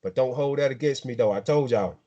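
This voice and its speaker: A man's voice: medium pitch, a little fast, warm tone. South georgia guy drawling through football talk, mid voice, kinda muffled lo-fi sound. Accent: Southern American, South Georgia. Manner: drawling, repeats and restarts words, hypes players. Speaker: sports podcast host. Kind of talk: casual sports chat.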